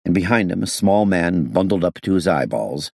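A man reading a novel aloud as a steady, lively narrator. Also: low-pitched, normal speed, gravelly, dry recording, studio quality. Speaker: audiobook narrator. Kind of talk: scripted narration.

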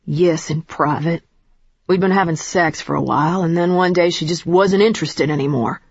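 A woman reading the lines of a sullen, touchy male club dancer of thirty, with a husky, low voice and curt delivery. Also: normal speed, a little mellow, no room sound, lo-fi sound.

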